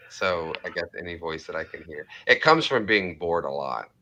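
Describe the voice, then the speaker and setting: A playful man chatting on a live stream, his voice bright and lively, jumping around in pitch as he jokes. He talks loosely and casually. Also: rough recording. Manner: joking, playful. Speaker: live stream host and voice mimic. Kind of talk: casual chat.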